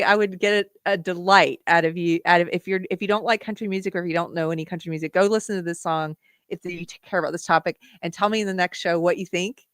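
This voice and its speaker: A woman's voice: lowish voice, a bit bright, dry recording, studio quality. A woman hosting a live stream, chatting earnestly and directly with her viewers. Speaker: livestream show host. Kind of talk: casual live-stream chat.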